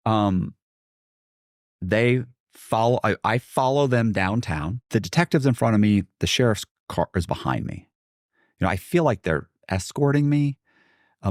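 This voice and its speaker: Man, deep low voice, podcast guest, animated storyteller, swears, dry studio sound. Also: no room sound. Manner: animated, acts out quotes, swears. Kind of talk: casual storytelling. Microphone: studio podcast mic.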